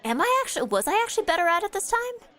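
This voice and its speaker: Playful woman streamer with lively pitch. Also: fast talker, some chatter behind. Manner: playful, self-mocking, rambling. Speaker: game streamer. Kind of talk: let's-play commentary. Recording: faint game music behind.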